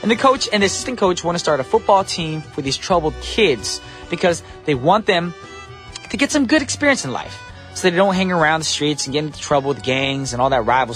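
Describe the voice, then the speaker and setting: A man's voice: fairly high pitch, sing-song, brisk, a bit bright, soft background music. A young man hosting a morning radio show in a studio, chatty and joking as he talks to listeners.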